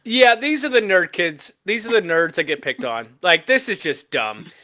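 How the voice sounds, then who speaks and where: A man talks sports on a podcast in a high, bright voice that jumps up and down a lot. His delivery is emphatic and animated, with punchy asides. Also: moderate pace. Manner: animated, emphatic rants with laughs. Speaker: podcast co-host. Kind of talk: casual sports chat.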